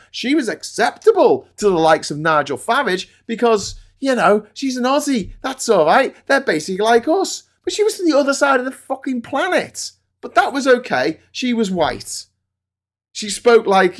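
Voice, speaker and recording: A middle-aged British man hosting a political livestream, ranting with swearing and swings between loud outbursts and low muttering. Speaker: political commentator host.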